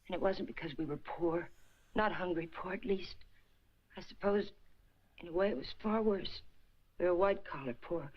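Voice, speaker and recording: An actress playing a cool, greedy femme fatale with a clipped, determined delivery, in 1940s film noir style, from an old film soundtrack. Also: female voice, on the low side, moderate pace, pauses often, lo-fi sound, natural voice. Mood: cold.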